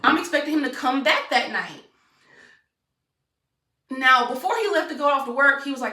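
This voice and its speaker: A woman's voice: sits high, big pitch swings, moderate pace, sharp tone. A young woman, telling viewers a personal story in a blunt storytime vlog at home. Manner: blunt, talks straight to viewers. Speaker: vlogger. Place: room at home. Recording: echoey room, mic at a distance.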